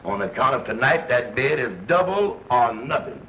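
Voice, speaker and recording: An actor playing a deadpan former barber who sleepwalks with a razor, speaking in a slow, dry drawl in 1940s film comedy style. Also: male voice, mid-range voice, natural voice. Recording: dull old film soundtrack with hiss.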